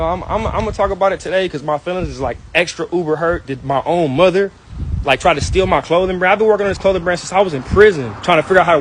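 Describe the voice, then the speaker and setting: High-pitched, fast-talking man ranting angrily. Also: slight background noise, low-quality recording. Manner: angry, hurt, repetitive, slangy. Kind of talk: heated personal rant.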